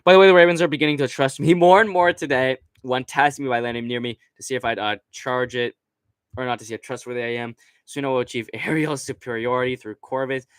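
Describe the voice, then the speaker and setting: Fast-paced and fairly even in intonation, this young man's medium-pitched voice sounds clean on a dry recording. He's at his computer hosting a casual late-night stream, rambling, profane and heavy on fillers, speaking into a desk mic placed right in front.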